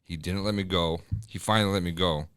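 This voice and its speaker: A man's voice: low voice, a little fast, a bit bright, clear, resonant tone, no room sound, clean studio sound. A male podcast guest telling stories casually, with blunt, crude humor. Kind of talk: casual storytelling.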